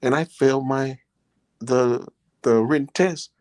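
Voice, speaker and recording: This is casual storytelling from a middle-aged podcast host and ex-prisoner, whose medium-pitched, slightly mellow voice is unhurried, in a dry recording. He rambles, uses "you know" constantly, and gets earnest and emotional about what he's lived through.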